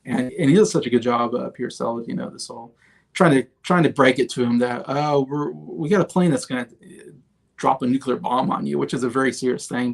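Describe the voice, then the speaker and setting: Rambling man with a gravelly voice. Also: mid-range voice. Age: 30s. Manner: rambling, chatty, laughs often, many fillers and restarts. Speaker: host. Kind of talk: casual movie review livestream.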